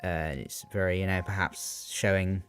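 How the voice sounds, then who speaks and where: Young man, lowish voice, unscripted revision talk, halting and questioning, faint music behind. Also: fairly even intonation, a bit bright. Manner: hesitant, many ums and rhetorical questions. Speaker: student giving exam revision.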